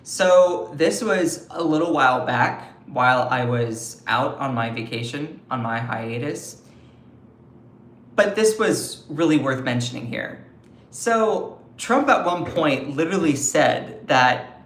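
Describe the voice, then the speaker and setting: A man's voice: mid-range voice, animated, slow, fairly bright tone, echoey room. A man with a Southern US accent giving emphatic political commentary on a live stream, often repeating and restarting his phrases. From Southern United States.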